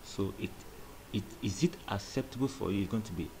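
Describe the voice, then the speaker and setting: Low-voiced man teaching a language lesson. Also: gravelly, warm tone, a little hiss or hum, poor audio. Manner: deliberate, repeats example words slowly.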